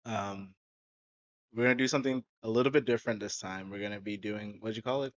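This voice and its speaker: A relaxed man with a lowish voice hosts a casual podcast, chatting easily and laughing often. His voice is recorded close and dry on a slightly dull, muffled mic. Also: brisk, no echo. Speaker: podcast co-host.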